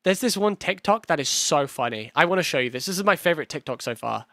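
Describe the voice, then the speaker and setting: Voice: medium pitch, animated, fast, a bit bright, dry recording. A young streamer with a London accent close to Cockney, chatting loosely through a reaction stream, rambling, swearing and laughing easily. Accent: London, near Cockney. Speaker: streamer and actor in the series.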